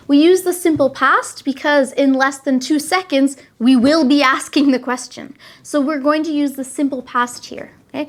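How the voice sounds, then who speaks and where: A woman teaching English, slowly and carefully modeling example phone phrases for students. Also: sits high, fairly even intonation. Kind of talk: spoken language lesson.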